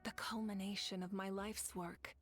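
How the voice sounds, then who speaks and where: A woman voicing a calm, devoted woman ruler in a video game, speaking in a measured way. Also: mid-range voice, soft background music, lightly acted. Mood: reflective.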